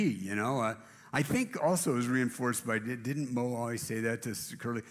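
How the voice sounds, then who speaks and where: A man's voice: mid-range voice, moderate pace, in a large hall. A man preaching a casual sermon in a church, rambling and self-deprecating, with many restarts. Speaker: pastor. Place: church auditorium.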